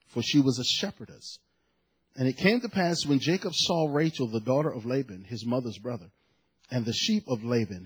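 A pastor with a husky, medium-pitched voice preaches a sermon, telling a family story in a chatty, animated way full of asides before he reads scripture and explains it.

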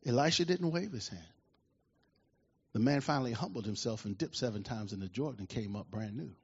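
A man preaching a sermon in an animated way, often asking the congregation questions, with a husky voice. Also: medium pitch, brisk. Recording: dull lo-fi recording.

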